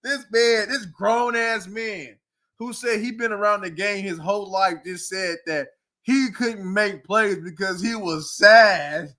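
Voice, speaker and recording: A high-voiced man rants about football in a casual stream. He talks slowly, with a bright, ringing tone. He mocks and jeers, now and then jumping into loud yells. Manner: animated, laughing, mocking, loud outbursts. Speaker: sports commentator. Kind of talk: casual sports rant. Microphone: streaming mic.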